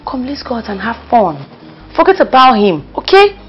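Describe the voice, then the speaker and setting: An actress playing a best friend who coaxes and comforts, speaking with a Nigerian accent and Pidgin turns. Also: female voice, a little high, moderate pace, lo-fi sound. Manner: emphatic, coaxing, lively. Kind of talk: Nollywood film acting.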